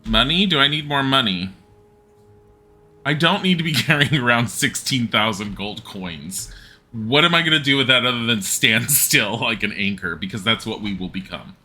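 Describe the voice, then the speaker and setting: A man gives casual live commentary while he plays a game, muttering commands to himself and laughing often. His voice has a very bright, sharp edge. He keeps a mid-range pitch. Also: expressive, normal speed. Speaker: game streamer.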